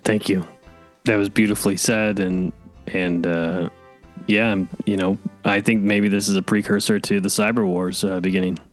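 Flat, low, halting comic panelist. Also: male voice, soft background music. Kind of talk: comedic panel chat.

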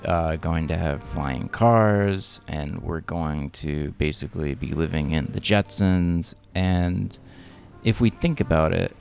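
A man co-hosting a casual podcast, musing slowly and drawing out his thoughts. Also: low voice, creaky, darkish tone, soft background music. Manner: slow, drawn-out musing. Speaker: podcast co-host.

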